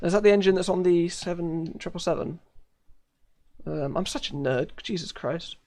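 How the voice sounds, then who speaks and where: Chatty British man streaming, slightly high. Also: normal speed, darkish tone. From United Kingdom. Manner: chatty, rambling, many fillers, laughs often. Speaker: live streamer. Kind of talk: casual live-stream commentary while playing.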